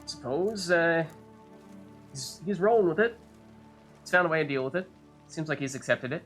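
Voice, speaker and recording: A man's voice: a little high, expressive, moderate pace, fairly bright tone, faint music behind. A man hosting a let's play, chatting casually and thinking aloud as he plays. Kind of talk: casual gameplay commentary.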